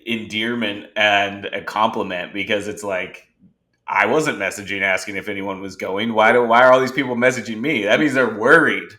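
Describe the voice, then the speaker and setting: A man hosting a podcast, telling animated stories in casual conversation and acting out the dialogue of the people in them. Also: on the low side, moderate pace. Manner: animated storyteller who acts out quoted dialogue. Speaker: podcast host.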